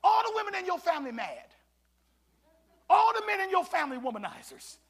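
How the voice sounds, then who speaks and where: A pastor preaching with a very high, bright, ringing voice. He swings from loud shouted exhortations down to low, hushed asides and keeps calling out to his congregation. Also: very animated, a little fast. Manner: preaching with call-and-response, swinging between shouts and hushed tones. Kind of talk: sermon.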